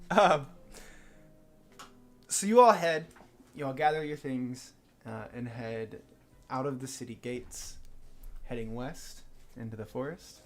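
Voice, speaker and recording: A man narrating as game master of a tabletop game, talking in a halting way with many pauses. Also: medium pitch. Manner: halting, full of fillers and restarts.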